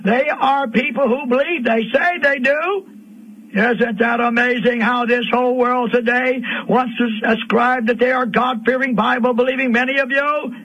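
A man preaching a fiery radio sermon, repeating lines and rising to shouts. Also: extremely high pitch, fairly even intonation, moderate pace. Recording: dull lo-fi radio broadcast.

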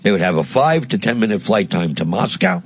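A man's voice: on the low side, lively intonation, a little fast, husky, no room sound. A man giving a blunt, heated political monologue, crude and mocking in tone. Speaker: political commentator. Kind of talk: impassioned monologue.

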